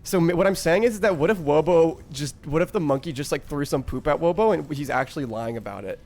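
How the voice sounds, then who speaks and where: A man's voice: fairly high pitch, fast, darkish tone. A man streaming live, telling a rambling story to his chat, swearing freely and often breaking into laughter.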